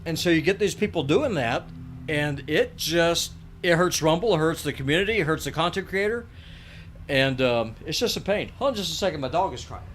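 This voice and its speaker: A man's voice: fairly high pitch, lively intonation, a little fast, fairly bright tone, a little hiss or hum. A middle-aged man, chatting bluntly and ramblingly while streaming a game from a desk mic. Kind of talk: casual live-stream chat while gaming.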